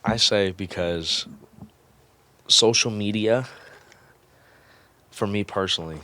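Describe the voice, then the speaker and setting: A man's voice: lowish voice, takes it slowly, sharp tone. A young man talking bluntly in a casual podcast chat, swearing a lot and often restarting his words. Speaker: guest, employee.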